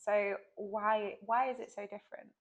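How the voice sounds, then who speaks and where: A woman interviewing an author for the publisher, chatty and relaxed, laughing now and then. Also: mid-range voice, moderate pace. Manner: chatty, many fillers and restarts, laughs. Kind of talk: casual interview chat.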